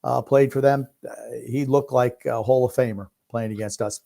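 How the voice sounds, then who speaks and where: A man's voice: medium pitch, fairly even intonation, normal speed, creaky, dark tone. A man co-hosting a casual sports podcast, laid-back and rambling as he watches a game. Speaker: podcast co-host.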